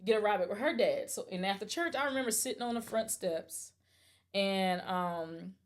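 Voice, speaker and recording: A woman's voice: mid-range voice, normal speed. A woman on a podcast, telling a personal story casually and animatedly, with restarts and stammers when it gets emotional. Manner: animated, acts out the quoted voices. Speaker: podcast host.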